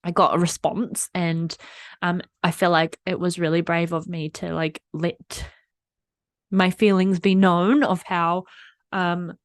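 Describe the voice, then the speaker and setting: A woman's voice: lowish voice, flat delivery, slow pace, no room sound, clean studio sound. A woman hosting her own podcast, talking candidly and openly about her feelings in a rambling way, full of "like". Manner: rambling, heavy use of "like", open and emotional. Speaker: podcast host. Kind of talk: candid solo podcast monologue.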